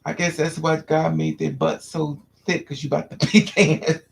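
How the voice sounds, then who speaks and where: A man chatting casually, telling childhood stories in an animated way and acting out the voices of people he quotes. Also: fairly high pitch, normal speed, creaky. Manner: animated storyteller, squeals and acts out quotes. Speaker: podcast host. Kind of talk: casual chat.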